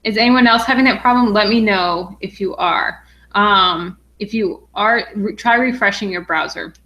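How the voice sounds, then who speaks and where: Bubbly, excitable young woman vlogger. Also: mid-range voice, moderate pace, dull audio, a little hiss or hum. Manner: bubbly and excitable, many "um" fillers. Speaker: vlogger hosting a livestream. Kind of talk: casual livestream chat.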